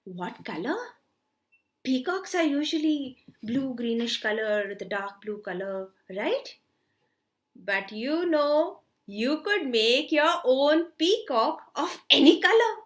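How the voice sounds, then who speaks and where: A woman's voice: high voice, expressive, slow pace. A woman teaching a children's hobby class, telling a story and then leading a craft, coaxing the kids with questions. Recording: roomy echo.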